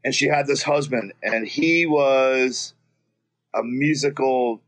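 A man's voice: mid-range voice, slow, fairly bright tone. A man from Florida telling a childhood story as a guest, rambling and swearing, with many restarts. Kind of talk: casual storytelling.

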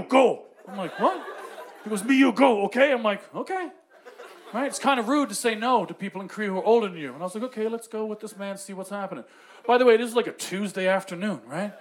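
A man from Newfoundland with a strikingly high voice works a comedy club stage, spinning stories with lively energy and casual swearing. The live recording carries clear room and crowd noise around him. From Newfoundland, Canada. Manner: storytelling, animated, swears freely. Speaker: stand-up comedian. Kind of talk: stand-up comedy set.

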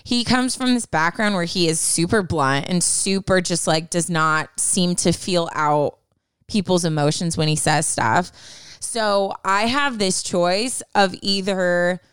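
A young woman speaks in a candid, chatty way and fills her advice with likes and ums. Her voice is very smooth and resonant. The recording is dry and close, with no room around her. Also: lowish voice, a little slow, fairly bright tone, no echo. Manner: candid, chatty, many fillers. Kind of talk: casual advice chat.

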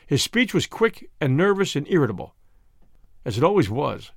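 A man narrating an audiobook in a measured, expressive storytelling manner. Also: a little high, vocal fry, dry recording, clean studio sound. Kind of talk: audiobook reading.

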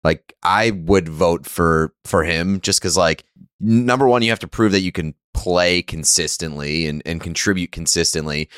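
Man, podcast co-host, low voice, opinionated, lots of "like", dry sound. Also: a bit bright, smooth, dry recording. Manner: opinionated, says "like" a lot, swears. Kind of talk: casual sports podcast chat.

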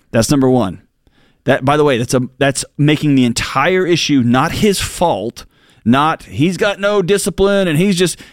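A man's voice: medium pitch, dry recording. Brief: middle-aged man, talk radio host, blunt and emphatic, dry close sound. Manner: blunt, emphatic, drawn-out points. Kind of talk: casual advice talk.

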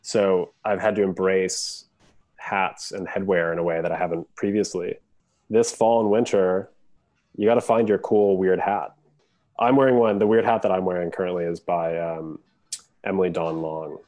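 A man co-hosting a podcast in casual chat over a video call, relaxed and hesitant with fillers. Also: deep voice, normal speed. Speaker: podcast co-host.

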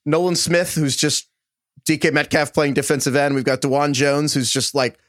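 A man's voice: on the high side, little pitch movement, normal speed, a bit bright, dry recording, studio quality. A man hosting a casual sports podcast, asking long, rambling questions full of fillers. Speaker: podcast host. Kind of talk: casual chat.

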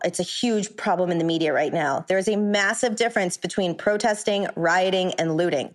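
A woman on a podcast panel, talking bluntly and with heated passion, swearing freely in a long, rambling turn. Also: fairly low pitch. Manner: blunt, profane, impassioned; long rambling turns with restarts. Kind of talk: heated casual discussion.

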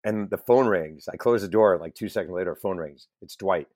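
A man being interviewed as a journalist, telling self-deprecating stories in a lively, casual way with the odd swear word. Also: sits low, normal speed, dry recording, clean studio sound. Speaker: guest journalist and author.

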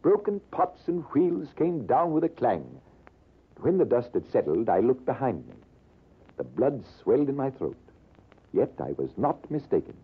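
A man playing a British army major telling a tale in a dramatic, measured 1940s radio style, with a husky voice. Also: mid-range voice, wildly swooping pitch, exaggerated voice. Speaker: storyteller. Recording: narrow lo-fi old radio broadcast.

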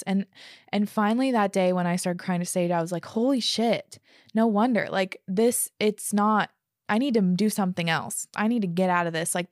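A woman's voice: lowish voice, darkish tone, no room sound, studio quality. A young woman YouTuber telling a personal story in casual, confessional talk, with candid asides and lots of filler words. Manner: candid, chatty, full of fillers like "like".

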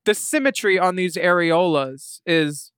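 A man's voice: high voice, lively intonation, fairly bright tone, smooth, dry recording, studio quality. A man co-hosting a podcast in casual chat, campy and sassy as he reads listener emails aloud. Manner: campy, sassy, drawn-out "honey". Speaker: podcast co-host.

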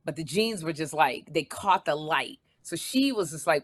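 A woman co-hosting a comedy podcast, telling stories in a casual, animated way and acting out quotes with big swings in volume. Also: deep voice, moderate pace, no room sound.

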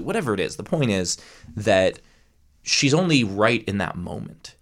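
A man interviewing a guest, speaking in a measured way and offering advice. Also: mid-range voice, big pitch swings, a bit bright. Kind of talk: casual interview chat.

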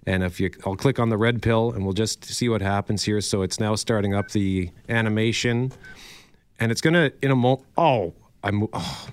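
A man's voice: on the low side, moderate pace, clear, resonant tone, dry recording. A male radio co-host chatting casually and enthusiastically, rambling a little as he geeks out.

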